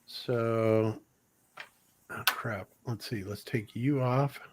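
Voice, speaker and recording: A man's voice: medium pitch, fairly even intonation, drawn-out words, background noise. A man hosting a casual panel discussion, thinking aloud as he pulls up material to show. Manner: loose, thinking aloud while sharing his screen. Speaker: host.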